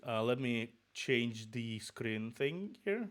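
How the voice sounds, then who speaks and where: A man with a slight Russian accent, sounding a little sick, chats loosely while setting up a stream to read a book. His mid-range voice moves slowly with few pauses, and he rambles, restarting sentences and muttering asides.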